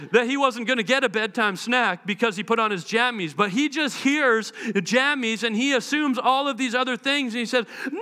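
A man preaching a sermon in a conversational, animated way, acting out the quotes he tells. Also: extremely high pitch, clear, resonant tone, long reverb tail. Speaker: pastor.

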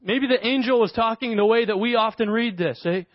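A young man preaching a sermon as a pastor, animated and conversational with playful asides. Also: very high-pitched, a little fast, dry recording. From Canada. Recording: dry, dull lo-fi sound.

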